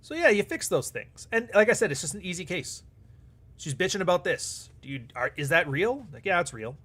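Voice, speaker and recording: A man runs a live stream in a high, husky, slightly bright voice with a sing-song, brisk delivery. He replies to super chats bluntly and casually, with heavy swearing and acted-out back-and-forth exchanges.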